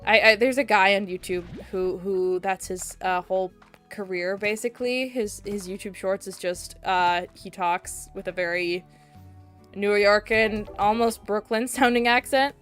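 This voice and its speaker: A woman's voice: mid-range voice, unhurried, a bit bright, clear, resonant tone, faint music behind. A young woman streaming a video game, chatting casually and rambling, with sudden squeals at the game. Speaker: VTuber streamer. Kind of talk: casual gameplay chat.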